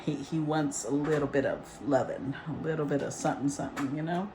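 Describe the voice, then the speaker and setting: A woman giving a casual, rambling tarot reading, chatty and quick to laugh. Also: sits low, noisy background. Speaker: tarot reader.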